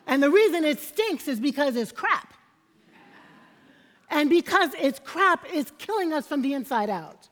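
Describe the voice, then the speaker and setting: High-voiced woman preaching in a reverberant hall. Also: sing-song, measured pace. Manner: emphatic, repeats phrases for effect, calls for amens. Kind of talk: sermon.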